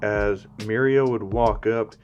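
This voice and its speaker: Slow, low-voiced male storyteller. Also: steady tone, darkish tone, lo-fi sound. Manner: unhurried, rambling with fillers. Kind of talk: casual fan story narration.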